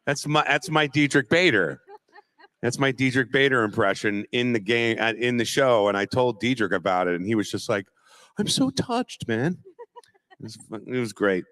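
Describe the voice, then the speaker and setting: A man, a voice actor, chatting casually on a convention panel, telling animated stories and dropping into impressions. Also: medium pitch, brisk. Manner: animated storyteller, slips into impressions. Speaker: voice actor guest. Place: convention auditorium stage.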